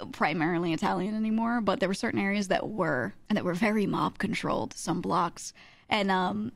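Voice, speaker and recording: A woman streaming from home, chatting casually and thinking out loud as she goes. She rambles, restarts sentences and leans on fillers, in a voice of ordinary pitch. The close mic sounds dry, with no room behind it. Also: no echo.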